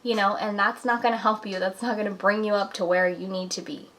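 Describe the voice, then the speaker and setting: A woman's voice: medium pitch, flat delivery, brisk, fairly bright tone, rough recording. A young woman in her twenties talking earnestly to camera at home, giving encouraging life advice in a casual chatty way. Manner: earnest, encouraging, talks with "like" and "you know". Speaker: vlogger. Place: apartment at home.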